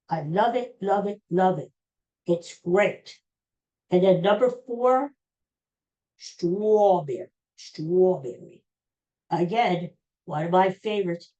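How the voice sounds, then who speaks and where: A woman's voice: fairly low pitch, a little mellow. An older woman hosting a podcast, chatting in a rambling way and repeating herself. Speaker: podcast host. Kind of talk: casual chat.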